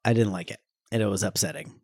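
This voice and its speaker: A man's voice: lowish voice, steady tone, quick pace, gravelly, a little mellow, husky. A man co-hosting a movie podcast, chatting casually with dry, wry asides. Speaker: podcast co-host. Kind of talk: casual movie-review chat.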